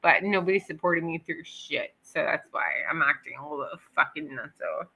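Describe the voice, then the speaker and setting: A woman chatting on a livestream panel, emotional and profane, swinging between soft confessions and loud outbursts. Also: deep voice, normal speed, husky, poor audio. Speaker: stream panel guest. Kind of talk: casual livestream chat.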